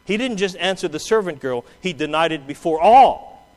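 A man preaching a sermon, swinging between loud quoted outbursts and low, quiet asides. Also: animated, fairly quick. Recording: long hall reverb.

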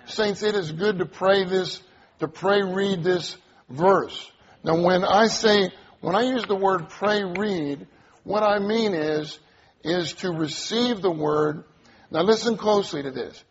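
A man's voice: sits high, takes it slowly, dull audio. A man preaching a sermon, earnest, repeating key phrases and drawing responses from the congregation.

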